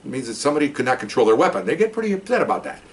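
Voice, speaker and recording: An older man, a retired police officer, telling a story in a casual, animated way and acting out the people he quotes. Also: medium pitch, very fast. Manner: animated, acts out quoted voices.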